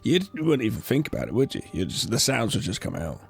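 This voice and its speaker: A man's voice: lowish voice, huge pitch swings, fast talker, creaky, husky. A man co-hosting a podcast, chatting casually about a film and often trailing off mid-sentence. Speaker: podcast co-host.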